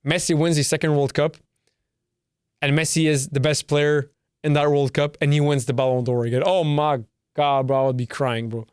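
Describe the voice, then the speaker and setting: A young man hosting a solo podcast, talking brashly and emphatically, piling on repeats and swear words. His voice sits a little high for a man. The sound is dry and close, with almost no room echo. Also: flat delivery, moderate pace, darkish tone, clear, resonant tone. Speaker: podcast host. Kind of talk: casual solo podcast rant.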